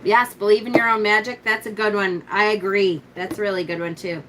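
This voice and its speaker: A chatty woman hosting a casual tarot live stream, gushing over her decks and thinking aloud as she answers viewers. Her voice sits at a moderate pitch, and a faint hiss runs underneath. She slows down and lowers her voice when she reads a card's meaning aloud. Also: steady tone, a bit bright, rough recording. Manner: reads card descriptions aloud slowly and low. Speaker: tarot reader and livestream host.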